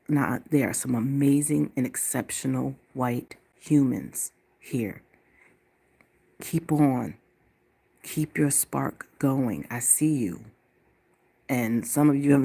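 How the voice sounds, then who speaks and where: A woman from the United States delivering a blunt, profane ranting monologue to camera as a vlogger, slowing down to hammer her points. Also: extremely low pitch, gravelly, mellow, husky.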